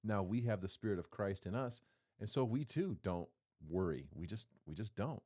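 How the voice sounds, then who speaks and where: A man's voice: on the low side, animated, moderate pace, dark tone. A man preaching a sermon in a conversational, playful way, acting out quotes as he goes. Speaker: pastor.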